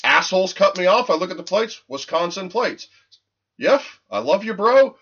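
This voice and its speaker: A man's voice: high-pitched, animated, normal speed, a bit bright, husky, muffled recording. A man co-hosting a casual podcast, ranting in a profane, rambling way. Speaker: podcast co-host.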